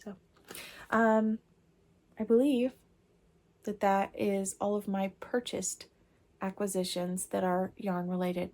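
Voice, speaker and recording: Chatty woman with a creaky voice. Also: mid-range voice, warm tone. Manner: rambling, chatty, lots of fillers; giggly, laughing hard. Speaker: crochet designer and vlogger. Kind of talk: casual chat to camera.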